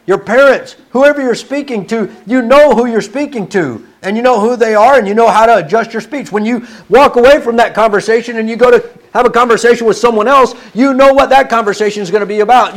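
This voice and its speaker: A man's voice: very high voice, a little fast, hardly any pauses. A man preaching a sermon in an earnest, conversational way, stumbling and restarting now and then.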